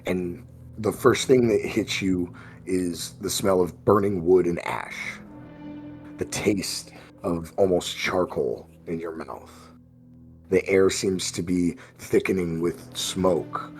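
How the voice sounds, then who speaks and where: A man narrating as game master of a tabletop role-playing game, describing scenes slowly with frequent fillers. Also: low-pitched, darkish tone.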